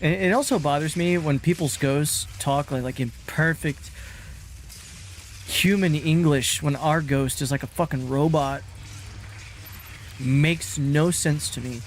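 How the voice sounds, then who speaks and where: A man's voice: fairly high pitch, a little slow, a little hiss or hum. A man streaming a game, chatting casually in a rambling, self-mocking way and swearing freely. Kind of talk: casual gaming commentary.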